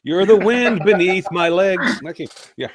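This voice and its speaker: A man's voice: high-pitched, animated, unhurried, crowd noise. A man co-hosting a podcast, joking and teasing with frequent laughter. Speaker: podcast co-host. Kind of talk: casual podcast chat.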